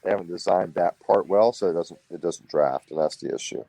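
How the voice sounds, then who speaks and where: A man's voice: low voice, a little fast, vocal fry, warm tone, dry recording, rough recording. A man co-hosting a casual podcast chat, talking in a rambling, hesitant way with many restarts.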